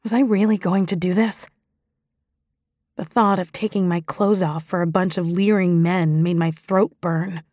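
A woman narrating a first-person novel in a steady, introspective storytelling voice. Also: fairly low pitch, measured pace, dry recording. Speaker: audiobook narrator.

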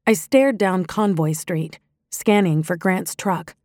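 A woman narrating a first-person audiobook in a measured, even storytelling manner. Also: lowish voice, dry recording, studio quality.

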